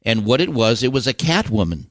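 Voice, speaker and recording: An older man, a guest on a podcast, telling animated, rambling stories with many restarts. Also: medium pitch, brisk, no echo, clean studio sound. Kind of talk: casual storytelling interview.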